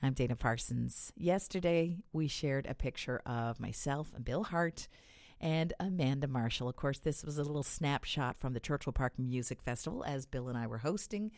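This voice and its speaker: A woman's voice: very deep voice, moderate pace, a little mellow, no room sound, clean studio sound. A woman hosting a radio show in a chatty, upbeat way. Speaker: radio host.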